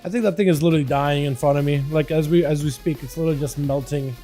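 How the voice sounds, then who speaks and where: A young male streamer casts game duels in a raised, lively register, his voice hoarse and rough tonight. His tone is mellow and dark, and he hypes every play and banters with chat. Faint music plays quietly behind him. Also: fairly high pitch, fast. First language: Russian. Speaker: livestream host casting game duels. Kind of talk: casual livestream commentary.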